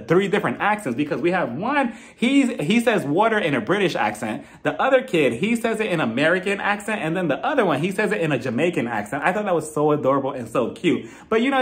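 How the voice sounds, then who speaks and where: A man giving a casual, chatty solo review of a reality TV episode, often laughing at his own jokes. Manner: jumps into high-pitched exclamations when mimicking reactions.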